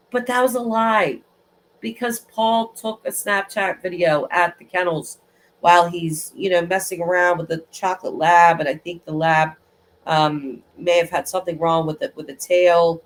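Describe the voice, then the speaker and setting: A woman hosting a true crime livestream, chatting casually and rambling with lots of restarts. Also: medium pitch. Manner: rambling, animated, with frequent restarts. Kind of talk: casual chat.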